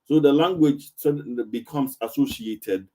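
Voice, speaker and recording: This is a man hosting a casual discussion. He sounds animated, repeats himself and laughs often. His voice sits at an ordinary middle pitch. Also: normal speed.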